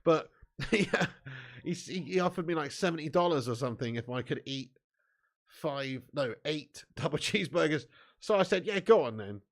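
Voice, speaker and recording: A man's voice: fairly high pitch, expressive, moderate pace, creaky. A man hosting a football watch-along stream, reading out viewer comments in casual, jokey banter and laughing often.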